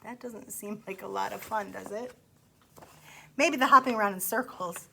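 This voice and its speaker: A woman's voice: mid-range voice, moderate pace, gravelly, bright, forceful tone, slight background noise, poor audio. A woman reading a picture book aloud to children in a sing-song way, stopping to ask them questions. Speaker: storytime reader.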